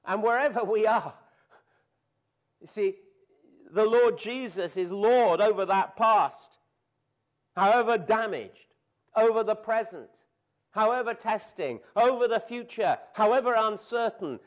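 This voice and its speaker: Weighing every phrase, a man with a voice high for his sex preaches slowly and deliberately. He drops to near-whispers on solemn words and rises dramatically on emphatic declarations.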